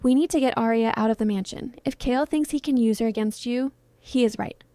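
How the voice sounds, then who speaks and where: A woman voicing a loyal male vampire aide who speaks urgently and tries to calm things. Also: a little high, a little fast, no room sound, natural voice.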